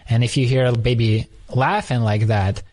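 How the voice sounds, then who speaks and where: A man from the former Soviet Union hosting a conversational interview, telling stories quickly and thoughtfully with frequent restarts. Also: mid-range voice, steady tone, a little mellow. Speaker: podcast host.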